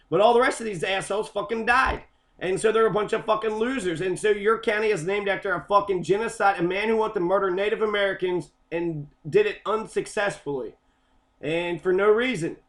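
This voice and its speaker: A Kentucky man with a high-pitched, fairly bright voice launches into a heated, sarcastic monologue about local history, swearing constantly.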